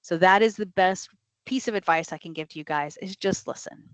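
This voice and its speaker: A woman's voice: on the low side, brisk, no room sound. A middle-aged woman leading a teacher training session, talking conversationally, reading out audience questions and often checking in with "right?". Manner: reads audience questions aloud and answers them.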